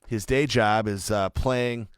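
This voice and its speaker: A man's voice: on the low side, steady tone, slow pace, smooth, no echo. A man producing music, giving a casual, chatty walkthrough of a song's mix in his studio. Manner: laid-back, chatty, friendly tour of a mix.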